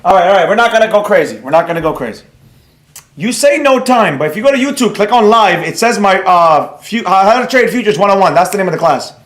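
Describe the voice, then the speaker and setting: A man teaching a live trading class, blunt and excitable, rambling off on tangents while reading viewers' comments and scolding them. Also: high-pitched, fast, hardly any pauses, reverberant.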